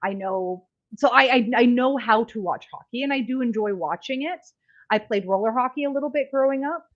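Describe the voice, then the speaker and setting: A Canadian woman chatting casually on a podcast, rambling along and poking fun at herself. Her voice sits a bit high. The recording sounds dull and lo-fi. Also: a little fast. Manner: chatty, rambling, self-deprecating. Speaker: podcast co-host. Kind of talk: casual chat.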